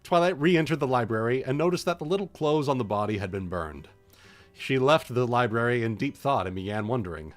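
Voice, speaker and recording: A man's voice: mid-range voice, expressive, brisk, faint music behind. Amused man reading a story aloud. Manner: amused, breaks into laughter, ad-libs. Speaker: streamer reading fan stories.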